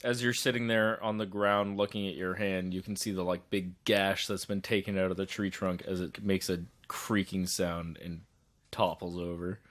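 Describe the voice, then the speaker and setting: A man's voice: sits low, little pitch movement, normal speed, fairly bright tone. A man running a tabletop game as game master, setting scenes in a loose, descriptive way with lots of hedging fillers.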